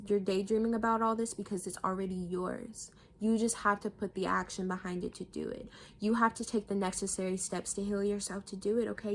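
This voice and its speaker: A woman giving a casual tarot reading, talking straight to viewers, repeating herself and reassuring them, with the odd swear word. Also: mid-range voice. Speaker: tarot reader.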